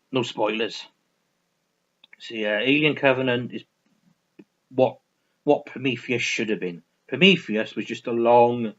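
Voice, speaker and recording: A man rambling through a casual film review, restarting sentences and swearing freely. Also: mid-range voice. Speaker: vlogger reviewing films. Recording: dull lo-fi recording.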